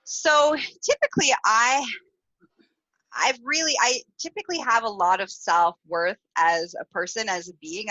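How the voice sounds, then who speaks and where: Woman, podcast co-host, bright tone, candid, animated, casual chat. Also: on the high side, normal speed, highs cut off. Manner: animated, candid storyteller who swears freely.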